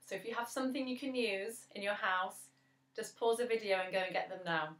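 An English woman teaching a children's music lesson, seated, in a slow, clear voice that counts out beats. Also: medium pitch, fairly bright tone, roomy sound. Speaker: primary school music teacher. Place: at home, seated.

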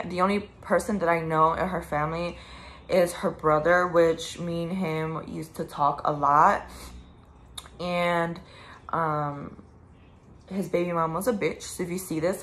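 Grieving young woman ranting, low voice. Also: steady tone, measured pace, a bit bright. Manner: grieving then angry, profane ranting. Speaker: vlogger. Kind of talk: emotional direct-to-camera vlog.

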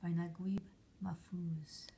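A woman reading a short story aloud, slowly and deliberately, giving the characters' lines their own voices. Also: on the low side, flat delivery, mellow, slightly rough. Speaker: reader.

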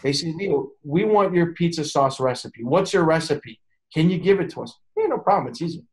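A man's voice: a little high, fairly quick, husky. A man, a pizza chef and consultant, telling stories in a casual interview and acting out the voices of people he quotes. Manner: animated, acts out quoted voices.

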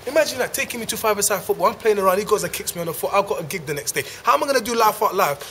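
Playful high-pitched comedian. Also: male voice, expressive, very fast, sharp tone, slight background noise. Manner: rambling, playful riffing with silly asides. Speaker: stand-up comedian. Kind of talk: improvised comic promo to camera.

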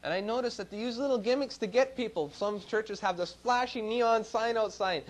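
Folksy preacher with a higher voice. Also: male voice, normal speed, hardly any pauses. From Canada. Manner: folksy storytelling, swings between loud emphasis and low asides. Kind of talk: sermon. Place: church.

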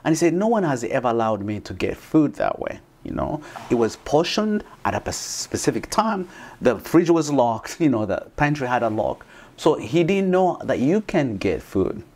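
A man talking as an interview guest, earnest and halting, with many restarts and "you know". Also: mid-range voice, big pitch swings, a little mellow. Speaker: guest, foster parent. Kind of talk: conversational interview.

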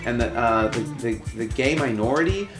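A man's voice: medium pitch, lively intonation, moderate pace, over music. A man cooking and chatting casually, joking and swearing often. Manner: profane, joking, playful. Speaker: home cook guest. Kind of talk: casual cooking demo and chat.

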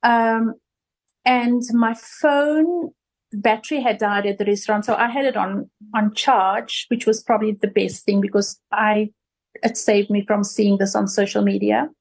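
A middle-aged woman with a South African accent, an interview guest giving an emotional personal recollection in a halting way, with many restarts. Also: medium pitch, fairly even intonation.

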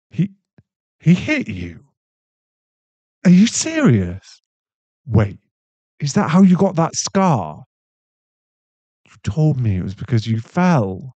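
A young man in a whispered role-play, voicing a caring, protective boyfriend who speaks softly and reassuringly, with a gravelly voice. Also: fairly low pitch, no echo, muffled recording, exaggerated voice. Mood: upset. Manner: soft, reassuring, slow-spoken. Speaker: ASMR voice actor.

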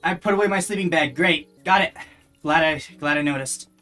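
Gamer with a bright, sarcastic mutter. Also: mid-range voice, moderate pace, faint music behind. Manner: dry, sarcastic self-talk, muttering while playing. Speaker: let's play gamer. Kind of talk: casual gameplay commentary.

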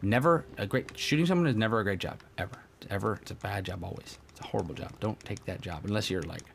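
A young man giving excitable, goofy gameplay commentary, often dropping into a hushed half-whisper. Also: lowish voice, fast, vocal fry, a little hiss or hum. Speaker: let's play gamer.

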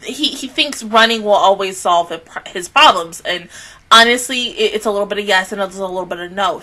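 A woman hosting an anime reaction and review, swearing, laughing and crying out, then talking it through more quietly. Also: lowish voice. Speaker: anime reaction channel host.

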